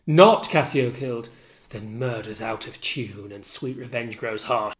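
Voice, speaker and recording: A man reading the part of a tormented, jealous general, declaiming verse and swinging between hushed and loud lines. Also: medium pitch, a little slow, voice pushed down, close to an everyday voice. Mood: anguished. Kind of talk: dramatic reading of a play.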